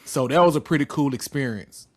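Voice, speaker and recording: A man's voice: medium pitch, a little fast. A man in his forties hosting a podcast and chatting casually in a laid-back, slangy way. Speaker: podcast host. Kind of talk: casual chat.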